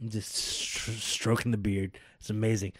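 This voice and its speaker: A man's voice: fairly low pitch, level tone, a little slow, slightly rough. A man co-hosting a casual podcast, asking teasing questions and cracking jokes. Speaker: podcast co-host. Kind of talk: casual wrestling chat.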